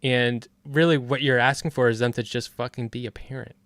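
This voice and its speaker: A man's voice: medium pitch, fairly even intonation, fairly quick, a bit bright, no echo, studio quality. A man hosting a casual chat, speaking thoughtfully as he explains an idea. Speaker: host.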